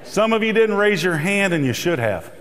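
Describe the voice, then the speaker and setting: A man's voice: high voice, sing-song, normal speed, fairly bright tone. A middle-aged man giving a humorous motivational keynote speech, telling jokes and stories to a conference audience. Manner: storytelling, joking. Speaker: keynote speaker. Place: conference hall. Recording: reverberant hall.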